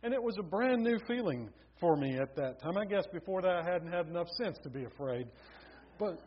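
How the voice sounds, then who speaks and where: A man's voice: high voice, lively intonation, moderate pace. A man preaching a sermon, telling stories with building emphasis. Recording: dull lo-fi recording.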